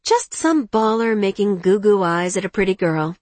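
A woman reading an audiobook, voicing a blunt, protective young woman friend who talks briskly. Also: mid-range voice, animated, darkish tone, no echo, natural voice. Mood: teasing.

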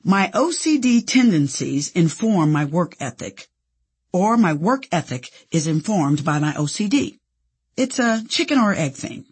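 A woman's voice: fairly low pitch, big pitch swings, unhurried, breathy edge. A woman from Indianapolis, an actress, narrating her own memoir in a candid, playful storytelling manner. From Indianapolis, USA.

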